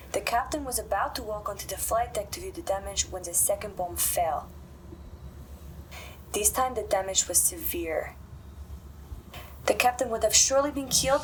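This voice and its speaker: A woman recounts events softly, in a steady storytelling manner. Faint background noise hums behind her. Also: medium pitch, normal speed, low-quality recording.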